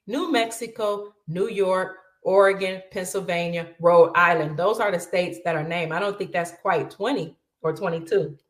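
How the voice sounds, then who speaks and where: A woman's voice: fairly low pitch, fairly bright tone, echoey room. Middle-aged woman host, casual commentary, chatty, reads items aloud, calls viewers family.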